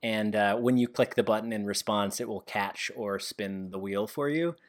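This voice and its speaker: Co-hosting a casual gaming podcast, a man chats at normal speed in a fairly low voice. He jokes, pokes fun at himself, and laughs often.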